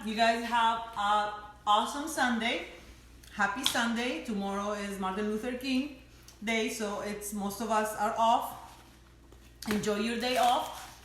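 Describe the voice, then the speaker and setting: A woman's voice: a little high, a bit bright. A woman hosting a casual home cooking live stream, chatty and teasing, laughing often as she talks to viewers. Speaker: cooking show host. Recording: echoey room with faint noise.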